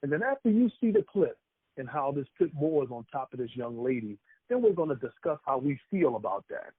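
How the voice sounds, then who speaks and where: Husky lively talk-show host man. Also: mid-range voice, a little fast, no echo. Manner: lively, leads the discussion. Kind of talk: casual talk show chat. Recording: tinny phone-like line.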